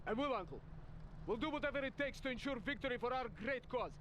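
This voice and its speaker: A zealous young Soviet captain with a Russian accent. He talks fast in a strikingly high voice, with faint noise behind him. This is video game dialogue. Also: a bit bright. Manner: earnest, patriotic.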